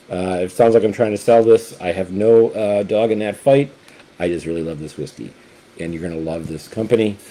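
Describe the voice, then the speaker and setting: A man casually reviewing a whisky, talking in a halting, enthusiastic way with many fillers and restarts. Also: fairly low pitch, dark tone.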